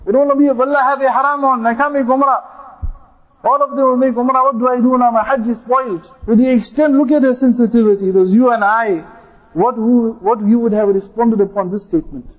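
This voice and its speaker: A man's voice: very high-pitched, brisk, highs cut off. A man, a mufti, preaching a sermon, repeating phrases for emphasis and reciting Arabic quotations. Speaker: mufti giving a talk.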